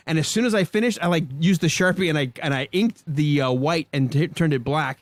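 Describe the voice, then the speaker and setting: A man who hosts a podcast, telling a boot camp story in casual chat with a profane, animated manner. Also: a little high, quick pace, few pauses, dry recording. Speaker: podcast host.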